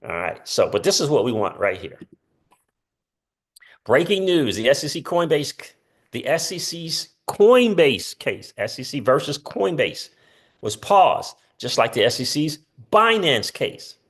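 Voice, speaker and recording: Male channel host, casual, reads headlines with offhand asides, mid-pitched voice. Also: very animated, a little slow, a bit bright, husky. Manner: chatty, reads quotes aloud with asides. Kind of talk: casual commentary reading news posts.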